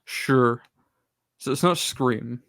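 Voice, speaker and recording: A man's voice: medium pitch, extremely slow, fairly bright tone, no room sound, clean studio sound. Man thinking aloud in a film quiz. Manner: thinks aloud, repeats clues back. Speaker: podcast co-host guessing films. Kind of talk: casual movie quiz chat.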